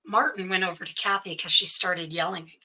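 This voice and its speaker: Middle-aged woman, earnest storytelling, lots of "you know", kinda tense bright tone. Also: fairly low pitch, fairly even intonation, quick pace, poor audio. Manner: earnest, frequent "you know" fillers, quotes others in dialogue. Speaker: guest sharing her story. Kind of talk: personal storytelling in conversation.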